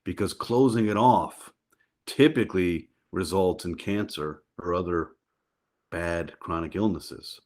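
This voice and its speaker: A middle-aged man talking as a guest on a podcast, lively and quick to jump up in pitch when he tells a story. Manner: animated, jumps up in pitch when telling stories. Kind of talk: casual interview chat.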